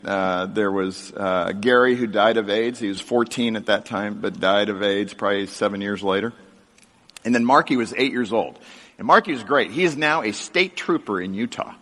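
A middle-aged man telling his life story to a live audience in a lively, joking storytelling style. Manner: animated, jokey storytelling with big pitch swings. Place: large hall with an audience. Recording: long hall reverb.

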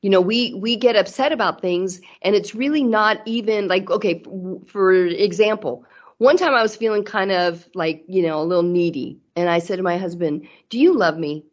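Woman, mid-pitched, conversational, acts out dialogue; slightly muffled recording. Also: moderate pace. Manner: chatty, acts out quoted dialogue. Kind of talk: casual chat about marriage.

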